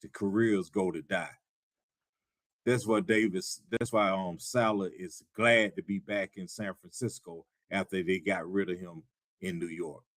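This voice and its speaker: A man's voice: sits low, steady tone, measured pace, a bit bright, dry recording. A man co-hosting a live sports talk show who rants in a wry, exasperated way with dry humor. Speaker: show co-host.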